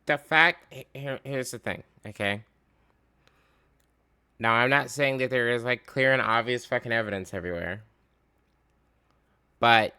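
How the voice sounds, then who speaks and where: A man's voice: medium pitch, bright, forceful tone, smooth. Profane ranting man. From United States. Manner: profane, rambling, fired up. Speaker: commentator reacting to a video. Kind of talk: casual ranting commentary.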